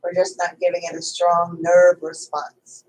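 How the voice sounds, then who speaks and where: Calm woman guiding a yoga class. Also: on the low side, unhurried, rough recording. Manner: calm, chatty, with fillers and asides. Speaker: yoga teacher. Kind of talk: guided restorative yoga instruction.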